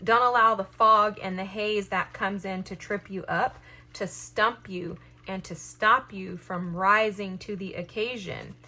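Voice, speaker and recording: A woman walks her viewers through a tarot spread, her bright voice upbeat and encouraging. She speaks straight to her audience at a medium pitch, keen and warm in her pep talk. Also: fairly even intonation, a little slow. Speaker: tarot reader. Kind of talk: collective tarot reading to camera.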